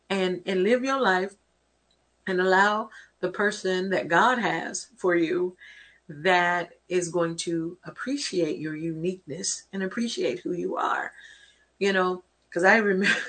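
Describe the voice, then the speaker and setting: A woman's voice: mid-range voice, measured pace, fairly bright tone. A woman hosting a show, giving an encouraging, preachy talk that quotes scripture. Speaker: host. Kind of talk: inspirational talk.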